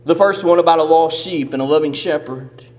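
A man's voice: fairly high pitch, a little fast, darkish tone. A man preaching a sermon as pastor, with an emphatic, repetitive cadence in a church sanctuary. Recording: long reverb of a hall.

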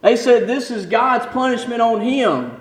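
Pastor, male, high voice, in a church sanctuary with a long hall reverb. Builds to fervent emphasis, then falls quiet and slow. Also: expressive. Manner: rising to intense emphasis, then dropping low and slow. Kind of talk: sermon.

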